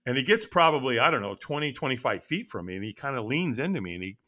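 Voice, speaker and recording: As an interview guest, a man dramatically builds up a personal story, pulling the listener through every twist. He talks fast in a bright voice that swings widely in pitch, and his retelling is animated.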